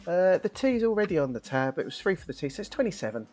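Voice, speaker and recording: A man voicing a brisk, professional barmaid who is businesslike and stops often for fillers. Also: high-pitched, very animated, a little mellow, faint music behind.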